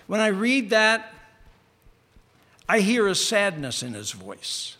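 High-voiced preacher in a reverberant hall. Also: male voice, expressive. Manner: earnest, slows for emphasis and sinks to a hush. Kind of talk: sermon.

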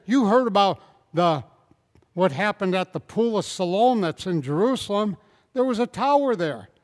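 Man, preacher, high-pitched voice, emphatic sermon delivery, rhetorical questions, long reverberant hall. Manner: animated preaching, rising to loud emphatic bursts, many rhetorical "right?" tags; addresses congregation members by name.

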